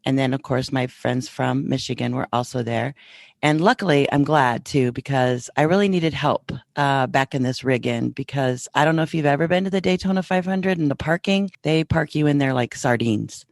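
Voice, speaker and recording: A woman's voice: rumbling low, moderate pace, gravelly, no echo. A middle-aged woman hosting a podcast, telling a story in a chatty way and acting out the back-and-forth of what people said. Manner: chatty, quotes others in lively back-and-forth. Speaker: podcast host. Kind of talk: casual storytelling.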